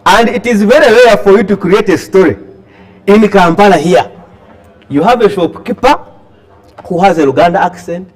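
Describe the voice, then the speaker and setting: A man with a Ugandan English accent, a scriptwriter giving a lively talk to an audience, asking them questions and acting out bits of dialogue. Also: high-pitched, moderate pace, long pauses. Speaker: scriptwriter and workshop speaker.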